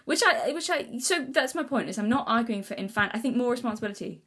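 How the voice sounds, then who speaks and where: A woman's voice: a little high, lively intonation, fast, fairly bright tone, husky. A young woman vlogging in casual unscripted talk, earnest and rambling, with many restarts and self-corrections. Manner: earnest, thinking aloud.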